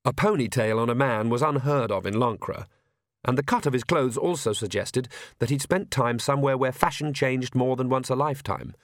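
A man reading a story aloud in even, wry narration. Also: medium pitch, moderate pace, no echo, studio quality. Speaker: audiobook narrator. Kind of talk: scripted narration.

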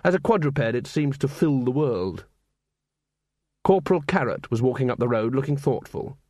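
A man narrating a novel as an audiobook in a measured, expressive way. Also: mid-range voice, no room sound. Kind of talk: scripted narration. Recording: dry close studio sound.

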